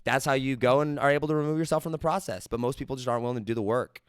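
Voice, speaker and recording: Energetic young man hosting a podcast. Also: mid-range voice, very fast, clean tone, no room sound, studio quality. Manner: energetic, animated storytelling with quoted dialogue. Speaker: podcast host. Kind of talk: casual interview chat.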